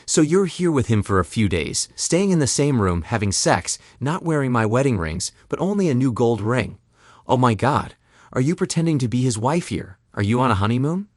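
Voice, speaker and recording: A man's voice: mid-range voice, big pitch swings, moderate pace, no room sound, studio quality. A man voicing a betrayed husband who interrogates his wife with cold sarcasm. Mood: mocking. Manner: sarcastic, demanding. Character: coldly mocking betrayed husband.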